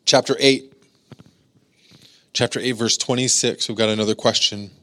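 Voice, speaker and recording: A pastor, an adult man with daughters, gives a casual youth sermon in a mid-range, bright, forceful voice at a moderate pace with fairly even intonation. His delivery is conversational and talky, heavy on "like" and other fillers, and he acts out voices.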